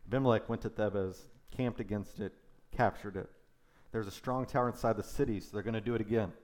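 A man's voice: on the low side, fast talker. Man preaching through a scripture passage. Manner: reads scripture aloud with lively conversational asides. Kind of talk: sermon with scripture reading.

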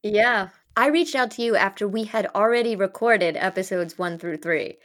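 Woman, podcast host, chatty, upbeat, casual interview, mid pitch. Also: fairly bright tone. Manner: chatty, upbeat, quick asides.

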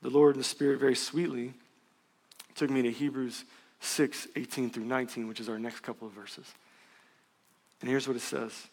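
Man, 30s, pastor, animated personal storytelling, candid tone, echoing church hall. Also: mid-range voice, normal speed, pauses often, husky. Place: church sanctuary. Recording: long reverb of a church hall.

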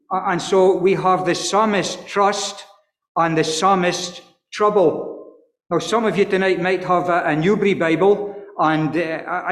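Earnest man preacher, kinda high voice, lots of restarts, echoey church sound. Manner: earnest, repeats words and restarts often; reads scripture slowly in old-fashioned wording. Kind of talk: expository sermon. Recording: echoey hall with long reverb.

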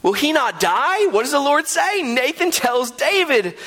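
A man's voice: extremely high pitch, very animated, measured pace, a bit bright. A male preacher giving an earnest, emphatic sermon, often checking in with a rhetorical "right?". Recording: long hall reverb.

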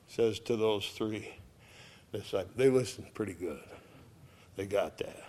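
Preacher: man, slow unhurried delivery, earnest vivid storytelling sermon. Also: fairly low pitch, mellow. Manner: earnest, vivid retelling with rhetorical questions. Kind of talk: Bible teaching sermon.

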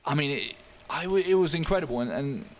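A man, a podcast guest, telling a candid personal story in an earnest, open way, often restarting his sentences. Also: on the high side. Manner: halting, frequent restarts and fillers.

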